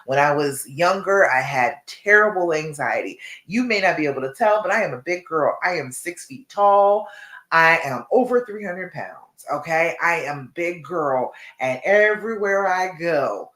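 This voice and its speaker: A woman's voice: low-pitched, expressive, normal speed, a bit bright. Encouraging woman coach, echoey room. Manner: encouraging, repeats "okay?" and "all right?". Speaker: love coach. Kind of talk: live-stream coaching talk. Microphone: live-stream device mic.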